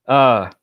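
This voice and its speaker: A man hosting a casual live stream, telling rambling stories and reading chat comments, with lots of fillers and restarts. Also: muffled recording. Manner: rambling, chatty storytelling with many fillers and restarts.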